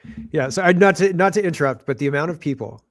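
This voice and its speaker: Casual co-host, man, fairly high voice, dry close sound, excitable and chatty. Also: fast talker, no room sound. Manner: animated, interrupts, laughs often. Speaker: podcast co-host. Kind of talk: casual political chat.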